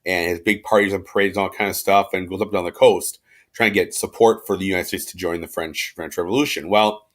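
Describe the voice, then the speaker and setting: A history teacher with a lowish voice gives his class a relaxed lecture at a quick pace. He stays chatty, slangy, and informal throughout, with fillers and restarts, acting out quotes in everyday speech for this casual recorded class.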